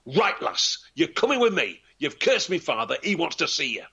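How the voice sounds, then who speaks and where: Man doing blunt young lad, commanding, bright voice. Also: on the high side, very animated, moderate pace, husky, heavily acted. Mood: stern. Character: bold young man, stern, protective son.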